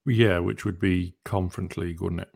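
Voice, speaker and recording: Brief: young male football podcast host, playful, rambling, low-pitched. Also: steady tone, normal speed, creaky, a little mellow, slightly rough. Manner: chatty, hesitant with many ums, playful. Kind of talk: casual chat and interview hosting.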